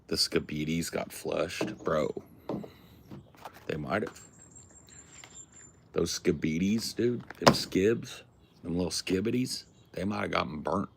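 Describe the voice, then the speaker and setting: A man's voice: low-pitched, measured pace, gravelly, long pauses, very noisy. A man hosting a livestream, chatting casually with his viewers in a rambling, slangy way with plenty of swearing. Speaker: livestream host. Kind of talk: casual chat with a live chat.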